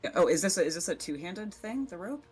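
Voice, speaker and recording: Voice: mid-range voice, animated, fast talker, over music. A player in a tabletop game, talking casually and asking easygoing questions as they plan their moves.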